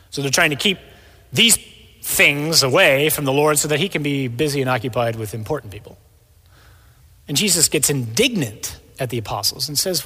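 A man's voice: mid-range voice, expressive, moderate pace, bright, forceful tone, slightly rough. A man giving a sermon, asking questions and answering them himself with emphasis. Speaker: preacher. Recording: long reverb in a large hall.

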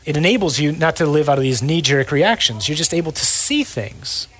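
A male priest giving a conversational sermon, lively and direct, acting out little quoted exchanges. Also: a little high, brisk, poor audio. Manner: conversational, animated preaching with acted-out quotes.

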